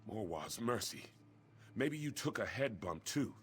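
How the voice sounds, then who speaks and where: A man's voice: on the low side, very animated, measured pace, a little hiss or hum. An actor playing an earnest young warrior prince who speaks formally and urgently to his brother in a video game. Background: game music.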